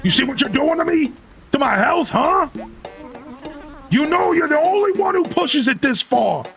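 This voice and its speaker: A man voicing a grumpy male mole who rants and scolds the player with gruff shouts. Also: extremely high pitch, big pitch swings, normal speed, soft background music, exaggerated voice. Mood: angry. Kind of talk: reading game dialogue aloud in character.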